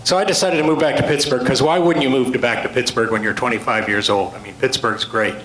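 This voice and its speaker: A man's voice: medium pitch, quick pace, fairly bright tone, a little hiss or hum. Man telling jokes to a club. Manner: dry, self-deprecating joke delivery, rambling asides. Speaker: storyteller and author giving a talk. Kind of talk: humorous storytelling speech. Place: club meeting room with an audience. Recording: roomy hall sound with faint ambience. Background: audience laughter.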